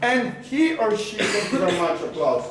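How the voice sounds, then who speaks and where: A man's voice: high voice, very animated, normal speed, recorded from a distance, heavy background noise. A man giving a live coaching talk to a group, questioning the audience often and mixing in words of another language. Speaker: business coach. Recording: echoey room, voice from afar.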